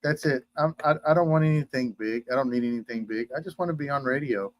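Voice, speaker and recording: A man's voice: medium pitch, fast, dry recording. Earnest DJ man from Texas. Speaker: DJ guest. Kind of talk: casual interview chat.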